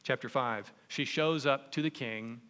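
A man preaching a sermon, retelling a story in an animated, conversational way. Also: mid-range voice, measured pace. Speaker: pastor. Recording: long reverb in a large hall.

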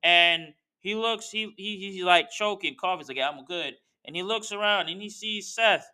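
A podcast host rants in casual, slangy commentary, calling out the people he talks about. His voice sits high and sounds bright and crisp. He stays heated the whole way through. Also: moderate pace. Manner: slangy, heated, talks straight to wrestlers and fans. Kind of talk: casual wrestling commentary rant.

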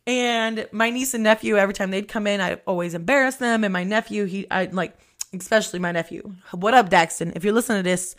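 A young adult woman hosting a podcast, telling a personal story in a candid, profane, animated way. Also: medium pitch, fast. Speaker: podcast host.

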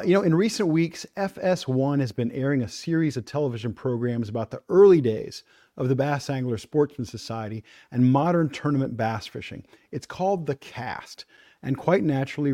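A man hosting a fishing talk show, delivering a scripted opening monologue in a measured storytelling cadence. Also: medium pitch, dark tone.

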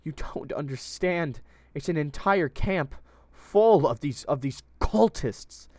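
A man voicing a wounded, frightened young captive woman with a low, somewhat manly voice, who pleads and stammers. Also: expressive, unhurried, dry recording, lightly acted.

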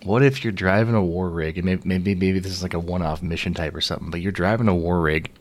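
A man co-hosting a podcast in casual chat, explaining lore with dry, deadpan asides. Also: sits low, fast. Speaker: podcast co-host.

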